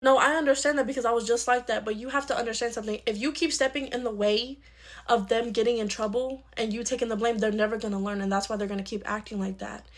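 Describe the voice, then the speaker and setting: A woman's voice: fairly high pitch, steady tone, fast talker, natural voice. A woman playing a blunt adult uncle who is a lawyer, lecturing and reasoning in a home-video skit. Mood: gently reasoning. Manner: lecturing, scolding, then gently reasoning. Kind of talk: comedy skit role-play.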